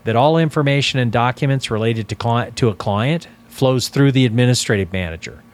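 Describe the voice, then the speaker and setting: A man coaching financial advisors in a deliberate, instructional talk, stressing key words as he explains. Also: mid-range voice.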